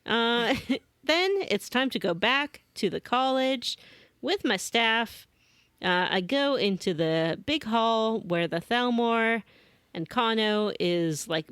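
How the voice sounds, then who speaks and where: Slow-talking woman recapping a game. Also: mid-range voice, clear, resonant tone, no room sound, clean studio sound. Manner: animated storyteller, slips into mock voices for characters. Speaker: podcast co-host. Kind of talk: casual gaming podcast recap.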